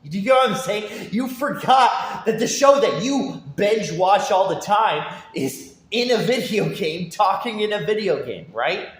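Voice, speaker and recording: A man's voice: high-pitched, lively intonation, measured pace, few pauses, echoey room. Rambling, laughing man ranting to viewers. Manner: rambling, repeats words, laughs often, asks viewers if they follow. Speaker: gaming YouTuber.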